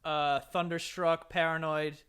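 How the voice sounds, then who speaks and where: A man's voice: fairly high pitch, level tone, unhurried, a bit bright, smooth. Young man cracking dry jokes. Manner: laid-back, dry wisecracks. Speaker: podcast co-host. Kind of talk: casual chat.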